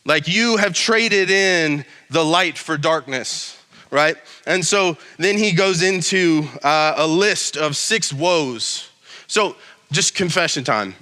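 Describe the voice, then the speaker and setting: Male pastor, joking sermon, bright voice, a bit high-pitched, restarts often. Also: slow, long reverb tail. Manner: casual, joking, many restarts. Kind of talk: sermon with scripture reading.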